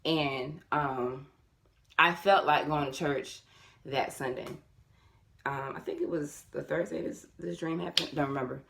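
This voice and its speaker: Low-voiced woman telling a story casually. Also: a little slow, gravelly, slight background noise. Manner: animated, repetitive, addresses viewers as y'all. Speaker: vlogger.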